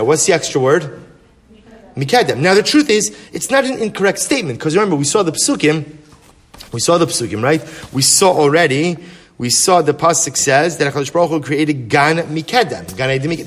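A man, a rabbi, teaching a Torah class with animated rhetorical questions and storytelling. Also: fairly high pitch, brisk.

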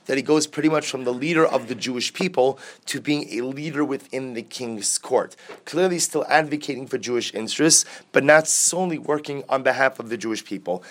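Male Talmud teacher, explains each passage, rhetorical questions, daily class. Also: medium pitch. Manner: reads Aramaic text then explains it, with repeated rhetorical questions.

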